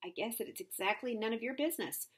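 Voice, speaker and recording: A woman's voice: fairly high pitch, lively intonation, fast talker, voice pushed up, close to an everyday voice. A woman voicing a tough, scornful young girl who talks bluntly and bossily.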